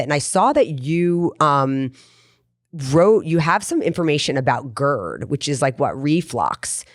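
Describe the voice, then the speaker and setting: Low-voiced woman telling a rambling story. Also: dry recording, studio quality. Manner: earnest, rambling personal storytelling. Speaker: podcast host. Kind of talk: casual podcast chat.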